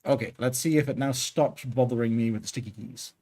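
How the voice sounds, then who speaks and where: A man's voice: medium pitch, brisk, warm tone. A man streaming his game development work, chatting casually and thinking aloud with many fillers. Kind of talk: casual live coding stream.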